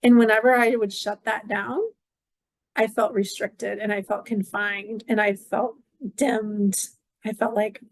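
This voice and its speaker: A woman's voice: mid-range voice, little pitch movement, a little slow, no echo. A middle-aged woman hosting an astrology channel, talking in an effusive, rambling spiritual monologue that is full of repeated phrases and "like" fillers.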